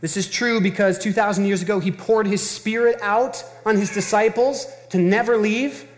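A man's voice: sits high, steady tone, normal speed, in a large hall. A man preaching a sermon as pastor, earnest and emphatic, talking in a conversational way and repeating phrases for stress.

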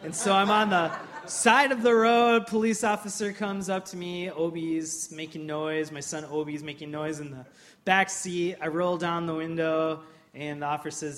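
A man in his thirties preaching a sermon in church, telling funny personal stories and then acting out scenes with loud, impassioned energy. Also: fairly high pitch, level tone, normal speed. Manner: humorous storytelling, builds to loud impassioned acting-out. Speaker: pastor.

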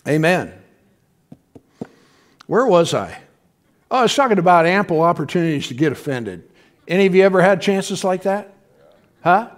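A man's voice: high voice, expressive, moderate pace, pauses often. Chatty pastor preaching to his church. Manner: conversational preaching, asks congregation questions, chuckles often. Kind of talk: sermon. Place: church sanctuary.

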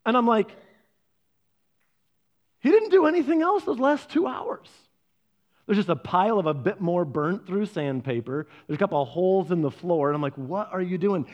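A man's voice: high voice, highs cut off. A man preaching a sermon, telling personal stories and acting out his own reactions. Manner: animated storyteller, acts out his own reactions. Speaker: pastor.

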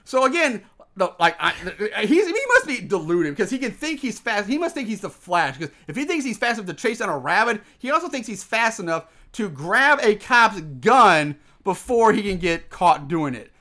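Chatty man with a high, bright voice. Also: very animated, normal speed. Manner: rambling, profane, laughs often, acts out characters' lines. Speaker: podcast co-host recapping a film. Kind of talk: casual movie recap chat.

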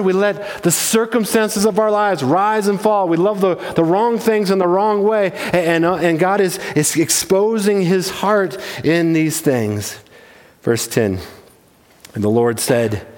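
A man's voice: on the high side, long reverb tail. A man preaching a sermon as pastor, earnest and emphatic, often restarting his phrases.

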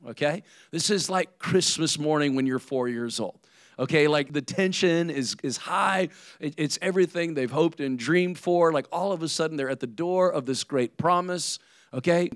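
A man's voice: on the high side, moderate pace, no room sound, studio quality. A man preaching a sermon as pastor in a conversational way, often checking in with "right?".

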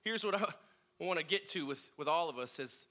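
Bright-voiced man telling family stories. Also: fairly high pitch, moderate pace. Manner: reflective, animated in quoted voices. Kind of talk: personal storytelling sermon.

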